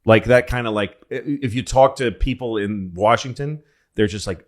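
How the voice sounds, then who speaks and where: A man's voice: medium pitch, moderate pace. A man co-hosting a podcast, casually telling rambling comic stories and swearing a lot. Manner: rambling storyteller, acts out quoted voices, swears. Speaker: podcast co-host. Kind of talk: casual comedic chat.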